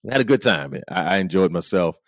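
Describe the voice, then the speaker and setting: A man's voice: low-pitched, expressive, quick pace, dry recording. A middle-aged man hosting a podcast, joking through a comedic monologue with playful asides and frequent laughter. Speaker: podcast host.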